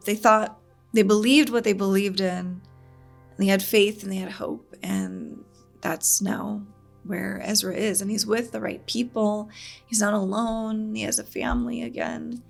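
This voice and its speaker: A woman's voice: medium pitch, a little slow, vocal fry. A woman hosting a casual reaction video, talking in an earnest, reflective way and laughing often. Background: show soundtrack music.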